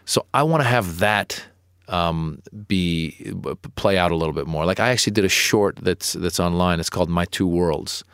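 A middle-aged male comedian telling stories in an interview, animated and acting out his own replies. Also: moderate pace, clear, resonant tone, dry recording, clean studio sound. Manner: animated storyteller, acts out his own protests in a higher voice. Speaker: comedian guest. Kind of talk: storytelling interview chat.

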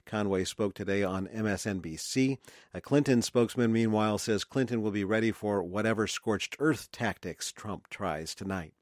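A man reading the radio news headlines in a crisp, scripted style. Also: fairly low pitch, moderate pace, no echo, clean studio sound. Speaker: newsreader.

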